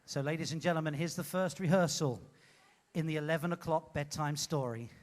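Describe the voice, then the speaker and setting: A man hosting a live comedy show, teasing an audience member in a playful, loud way. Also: on the high side, brisk. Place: cruise ship theater stage.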